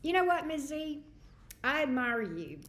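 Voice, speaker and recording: A woman's voice: sits high, sing-song, measured pace, a bit bright. A woman hosting a livestream tarot reading, chatty and greeting viewers by name. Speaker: tarot reader. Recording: echoey room.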